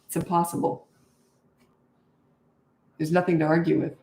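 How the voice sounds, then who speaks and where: A woman's voice: level tone, normal speed, darkish tone, a little hiss or hum. An older woman coaching parents in a live question-and-answer session, direct and matter-of-fact. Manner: direct, matter-of-fact advice, acts out kids in high voices. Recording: echoey room.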